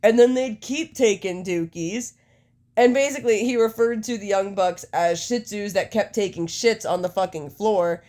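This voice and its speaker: A young adult woman co-hosting a podcast, talking casually and swearing freely. Her storytelling is lively and animated, with a mid-range voice. She jumps between quick asides and recaps. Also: mid-range voice. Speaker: podcast co-host. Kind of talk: casual chat.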